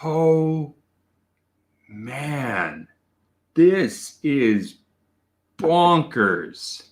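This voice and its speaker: A man hosting a casual livestream whiskey tasting. He is excitable and profane, bursts into amazed exclamations, and answers viewer chat. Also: fairly high pitch, drawn-out words. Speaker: whiskey reviewer and host.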